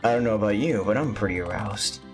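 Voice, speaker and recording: A let's-player voicing a sleazy, smooth-talking guy who flirts over the phone in a slow, low, slangy drawl. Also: soft background music, close to an everyday voice. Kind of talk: voicing game dialogue aloud.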